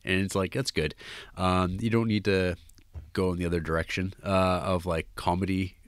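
A low, fairly monotone male voice at a moderate pace belongs to a podcast co-host rambling casually about a film, full of fillers and restarts. The recording is dry.

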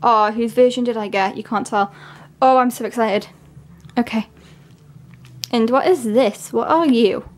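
A woman vlogging in a casual, gushing way, her voice sitting a little high. She talks slowly and keeps dropping filler words between her excited remarks. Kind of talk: casual unboxing vlog.

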